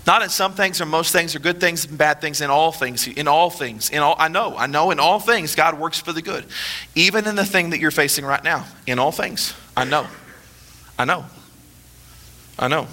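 Bright-voiced, high-pitched male preacher. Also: a little fast. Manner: emphatic, repetitive preaching, dropping low for solemn points. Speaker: pastor. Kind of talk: sermon.

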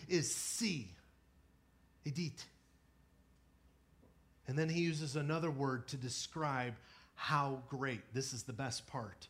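A man in his thirties preaching a sermon who moves from quiet storytelling to emphatic, near-shouted exhortation and has the congregation repeat words after him. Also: medium pitch, lively intonation, slow. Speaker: pastor.

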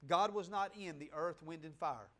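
A man preaching a sermon in a church, talking straight to the congregation and swinging between loud, fervent passages and soft, hushed asides. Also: on the high side, normal speed. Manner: conversational, addresses the congregation directly. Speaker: pastor. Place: church sanctuary, in front of a congregation.

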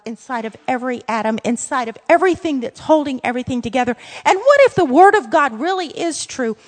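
Earnest, high-voiced Louisiana woman teaching a Bible lesson; emphatic, with asides; long hall reverb.

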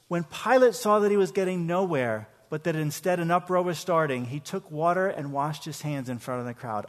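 Conversational pastor preaching in a reverberant hall. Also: male voice, fairly high pitch, lively intonation, brisk. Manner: conversational, repeats words at the start of phrases, asks the congregation questions. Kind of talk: sermon. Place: church sanctuary.

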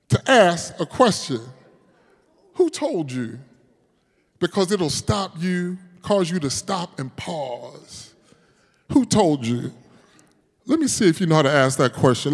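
A high-voiced man preaching a sermon, unhurried and deliberate. He builds to loud declarations, then drops to hushed prayer, and laughs along with his congregation. His voice rings through the long reverb of a church hall. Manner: calls on the congregation, jokes and laughs with them. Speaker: pastor.

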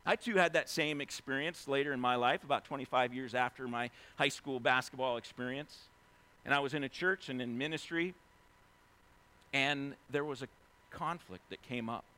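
A man in his forties, a pastor, preaching a sermon in a conversational way, swinging between loud excited stretches and hushed quiet ones, full of "you know" and "right?". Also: medium pitch, a little hiss or hum. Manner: heavy use of fillers like "you know" and "right?".

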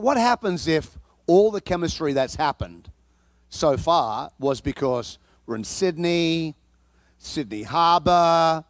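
A male pastor delivers a sermon, telling a personal story in an animated, comic way while often repeating and restarting his words. His pitch is fairly high and the recording is dry.

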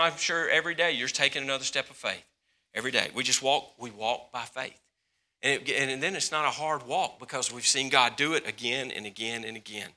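A man preaching a sermon as pastor, swinging between loud, passionate stretches and hushed, slower ones. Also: fairly high pitch.

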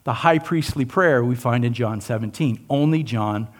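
A male pastor preaching a sermon, asking his listeners questions, acting out quotes, and dropping low and soft on key lines. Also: moderate pace. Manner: animated, asks the listeners questions, acts out quotes.

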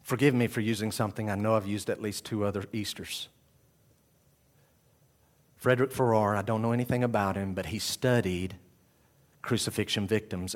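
A man preaching a sermon as pastor, swinging from quiet, low passages to loud, raised exclamations.

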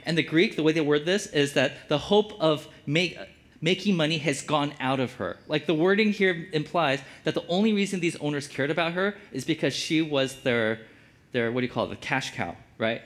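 A man's voice: fairly high pitch, normal speed, fairly bright tone. Chatty man teaching from the Bible. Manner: conversational, lots of "like" fillers, acts out quotes. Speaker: preacher.

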